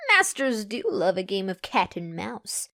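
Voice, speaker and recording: A woman's voice: medium pitch, big pitch swings, a little slow, gravelly, pushed and bright, no echo, clean studio sound, full character voice. A woman reading a fan audiobook and voicing a cocky young female pegasus pony who leads a vampire pack, brash and teasing. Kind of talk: audiobook character voice.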